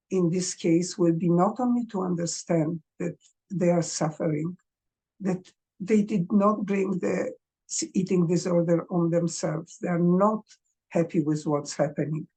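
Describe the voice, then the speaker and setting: A woman coaching parents in a gentle, earnest advice talk, speaking English as a second language. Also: on the low side, fairly even intonation, unhurried, breathy edge.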